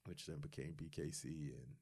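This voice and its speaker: A man's voice: very deep voice, steady tone, normal speed, darkish tone, breathy edge. A man telling a story in casual conversation, quoting friends in slang. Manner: laid-back storyteller, quotes friends in slang. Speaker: guest, clothing store founder.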